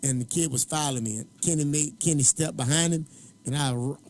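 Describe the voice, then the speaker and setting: A man's voice: a little high, a little fast, darkish tone, slight background noise. A man, a former boxer, telling profane stories in a casual chat, laughing often. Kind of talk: casual storytelling.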